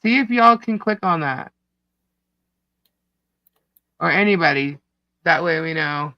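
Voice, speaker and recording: Bright-toned New York man chatting live. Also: fairly high pitch, lively intonation, slow pace, long pauses, no room sound, lo-fi sound. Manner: scattered, talks while reading chat comments. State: hiccups. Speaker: livestream co-host. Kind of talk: casual live-stream chat.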